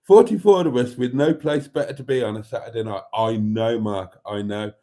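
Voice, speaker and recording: A man chatting warmly with viewers on his live stream, camp and talkative, laughing often and calling them darlings. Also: mid-range voice, moderate pace.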